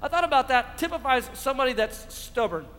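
High, bright-voiced preacher man. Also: expressive, a little fast, in a large hall. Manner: preaching with rhetorical questions to a congregation. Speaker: pastor. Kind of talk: sermon. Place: church.

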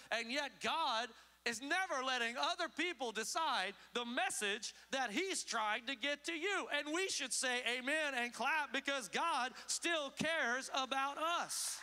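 A man preaching a sermon as pastor, emphatic, swinging between loud urgent calls and low hushed asides. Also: lively intonation, a little slow. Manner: emphatic preaching with sweeping pitch swings and acted quotes. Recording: long hall reverb.

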